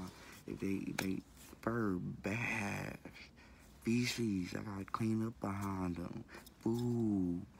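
Man, low gravelly voice, rambling slangy vlog chat with faint room noise behind. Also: a little mellow. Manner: loose, repetitive, slangy and cussing. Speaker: vlogger. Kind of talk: casual talk to camera.

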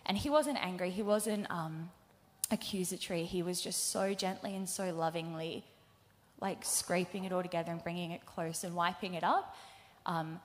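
Young woman sharing a faith testimony. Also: on the low side. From Australia. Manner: candid and halting, many fillers, acts out her own past words. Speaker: speaker giving a testimony. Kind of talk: personal faith testimony to a live audience. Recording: live event hall reverb.

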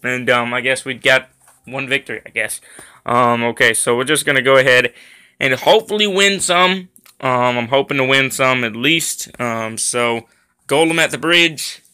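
A man's voice: medium pitch, moderate pace, sharp tone, clear, resonant tone. A man giving casual gameplay commentary as a video host, rambling with frequent ums and uhs and getting irritated at lag. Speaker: gaming YouTuber.

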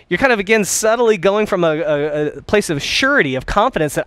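High-voiced, energetic male trainer. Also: brisk, few pauses, clean tone, no echo. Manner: energetic, conversational, acts out sample phone calls. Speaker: dental practice consultant. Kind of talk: course talk on phone skills.

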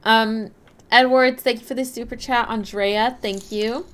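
A woman's voice: on the high side, fairly even intonation, measured pace, a bit bright, a little hiss or hum. A woman live-streaming a game, chatting casually, rambling and reading out and answering her chat. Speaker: livestreamer.

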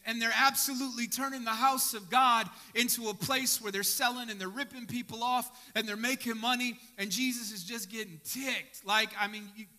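A male pastor preaching an impassioned sermon, dropping to a hush and rising to shouts. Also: extremely high pitch, steady tone, moderate pace, few pauses. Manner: impassioned, swinging from hushed to shouting.

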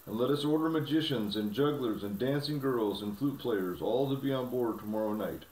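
A man voicing an excitable male fawn who talks in an eager, breathless rush, for a storybook reading. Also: mid-range voice, normal speed, lightly acted. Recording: roomy, from a distance.

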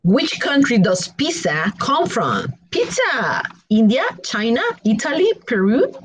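Woman teacher on a video call, slow and deliberate, animated pitch, slightly husky. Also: low-quality recording. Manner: slow, clear, lively questions with options. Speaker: English teacher. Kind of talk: online class quizzing students.

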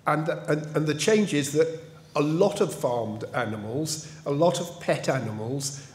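An older man, a professor speaking on a panel, answering thoughtfully and repeating words as he builds a point. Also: a little high. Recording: echoey hall.

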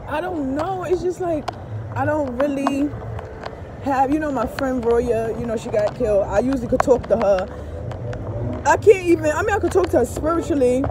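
Rambling woman vlogging by a noisy street. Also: fairly high pitch. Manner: rambling, keeps asking "you understand?", curses freely. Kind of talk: casual confessional vlog. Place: outdoors by a busy street. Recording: street noise behind the voice. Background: passing traffic and car engine noise.

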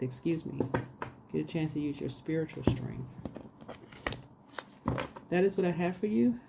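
Low gravelly-voiced woman reading tarot. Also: background noise. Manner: soothing, repeats phrases, reads affirmations slowly. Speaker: tarot reader. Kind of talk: casual tarot reading with affirmations.

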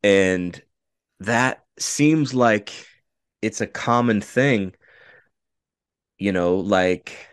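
A man's voice: on the low side, drawn-out words, long pauses, clean tone, no echo. A man co-hosting a podcast in casual chat, hesitant, with many restarts.

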